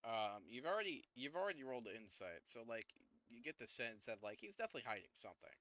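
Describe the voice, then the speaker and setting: A man's voice: medium pitch, animated, fast talker, a bit bright, no echo. A man running a tabletop game as game master, casual and hesitant with lots of fillers. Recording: dull lo-fi dry recording.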